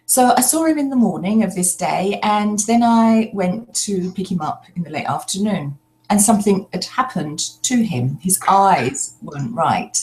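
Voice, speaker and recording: An older woman telling a personal story in a slow, reflective way, pausing often as she speaks. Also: mid-range voice, animated, darkish tone. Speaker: spiritual speaker.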